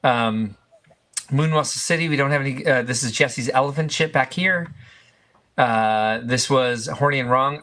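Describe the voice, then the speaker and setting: A man with a bright, forward voice chats casually on a live stream. He rambles and fills pauses with "uh" and "um" as he goes through pictures. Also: mid-range voice. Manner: rambling, filler-heavy, easygoing. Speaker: stream co-host.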